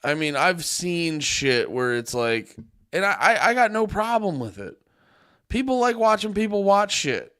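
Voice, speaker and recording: A man's voice: sits high, very animated, unhurried, pushed and bright. A man streaming casual reaction commentary in a loose, joking, profane way, often breaking into laughs.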